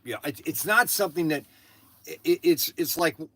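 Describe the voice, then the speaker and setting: An older man talking casually on his livestream, with a bright, forceful voice pitched a little high for a man. He rambles and restarts often, and the sound is close and dry. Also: no echo. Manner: halting, with many restarts and asides. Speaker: livestream host.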